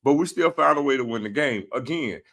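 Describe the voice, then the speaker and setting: A man co-hosting a casual sports talk show, breaking in calmly and methodically to add context. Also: medium pitch. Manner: measured, jumps in to add context.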